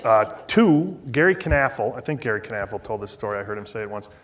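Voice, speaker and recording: A man's voice: lowish voice, expressive, a little fast. A middle-aged man from the United States speaking as a guest at a shrine event, telling a rambling, self-mocking story with many asides and restarts. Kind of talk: storytelling talk. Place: shrine event before an audience.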